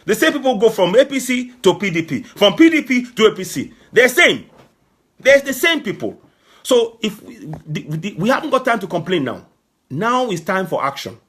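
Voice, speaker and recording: A man giving an impassioned political address to his audience, fervent and repetitive, sometimes shouting. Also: high voice, big pitch swings, normal speed, husky. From Nigeria. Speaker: political broadcaster.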